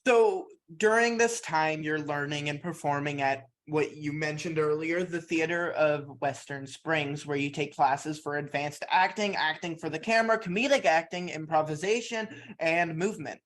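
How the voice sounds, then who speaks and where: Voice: mid-range voice, normal speed, few pauses, a bit bright. A podcast host and interviewer who reads out a prepared biography of the guest and then asks questions.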